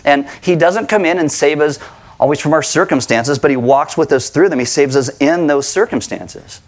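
A middle-aged man preaching a sermon to his congregation, conversational and animated, asking rhetorical questions. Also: on the high side, moderate pace. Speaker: pastor. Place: church sanctuary with congregation.

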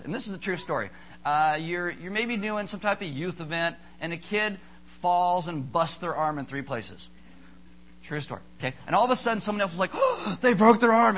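A man preaching a sermon as pastor, animated, acting out panicky bystanders in high squeals now and then. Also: low-quality recording.

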